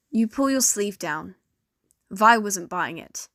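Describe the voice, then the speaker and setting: A young woman narrating a fan fiction story in second person, in a slow, steady storytelling manner. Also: mid-range voice, dry recording, clean studio sound. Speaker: narrator and voice actor.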